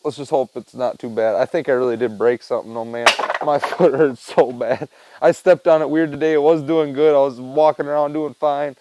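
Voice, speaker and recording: A man's voice: mid-range voice, fairly even intonation, brisk, heavy background noise. A man chatting loosely to his camera at home, rambling, swearing and laughing as he tells a story. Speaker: vlogger. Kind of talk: casual rambling chat to camera.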